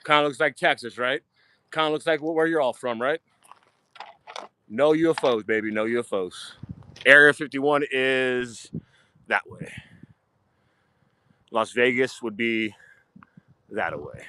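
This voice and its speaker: A man giving a casual live-stream tour of his diecast collection, excitable, swearing freely and repeating himself. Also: medium pitch, measured pace, long pauses, smooth. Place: home storage rooms and outdoors at night.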